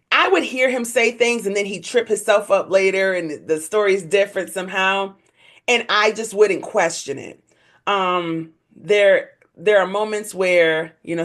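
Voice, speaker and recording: A young woman, a podcast guest, telling her story in candid conversation, voice leaping up when she acts out others. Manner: animated, leaps high in pitch when acting out others.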